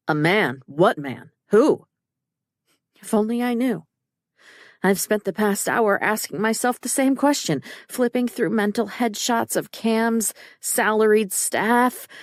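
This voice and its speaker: A woman's voice: medium pitch, no room sound, clean studio sound. A woman reading a first-person psychological thriller audiobook in a tense, urgent manner. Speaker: audiobook narrator. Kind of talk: scripted first-person narration.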